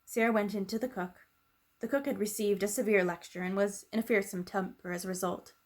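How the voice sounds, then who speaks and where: Brief: woman storyteller, gentle storybook reading, mid-pitched, calm pace. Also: brisk. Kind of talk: reading a children's book aloud.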